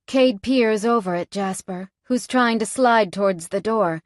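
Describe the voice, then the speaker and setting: A woman reads a first-person romance audiobook with tense drama. She takes her time, and her voice is dry and close with no room sound. Her pitch sits mid-range. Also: unhurried, hardly any pauses, no echo. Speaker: audiobook narrator.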